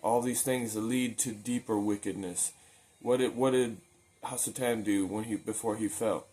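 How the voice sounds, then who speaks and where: A man's voice: fairly low pitch, fairly even intonation, moderate pace, darkish tone. A man talking earnestly and informally in a daily faith video, preaching in a loose, conversational way and often repeating words as he restarts his thoughts. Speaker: religious video maker. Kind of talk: casual spoken preaching.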